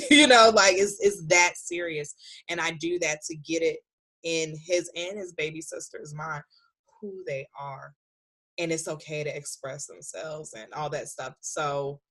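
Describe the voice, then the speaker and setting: Low-voiced woman telling candid stories. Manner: animated, swings into high voice when quoting her son. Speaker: podcast guest, author and speaker. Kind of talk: candid conversational storytelling.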